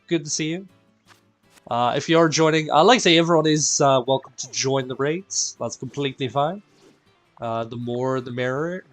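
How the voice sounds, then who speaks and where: This Northern Irish game streamer, a male raid host with a voice on the high side, keeps up casual, chatty live-stream talk and greets viewers by name. Tired and quieter than usual, he's self-deprecating and speaks with a mixed Northern Irish accent.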